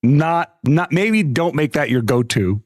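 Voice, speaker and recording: A man's voice: fairly high pitch, animated, a little slow, no room sound, studio quality. A man streaming a game live, mocking another player with crude, laughing commentary. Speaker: gaming streamer.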